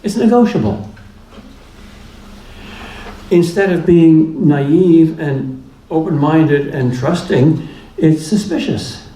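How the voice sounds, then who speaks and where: A man's voice: on the high side, takes it slowly, warm tone, a little hiss or hum. Man lecturing in an echoey hall. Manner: plainspoken, humorous, emphatic repetition. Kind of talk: public lecture. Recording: echoey room with faint ambience.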